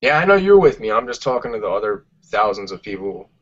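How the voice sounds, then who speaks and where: A man's voice: fairly low pitch, very animated, fast talker, fairly bright tone. A man, co-hosting a casual podcast, ranting emphatically and swearing a lot. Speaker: podcast co-host. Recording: muffled lo-fi podcast audio.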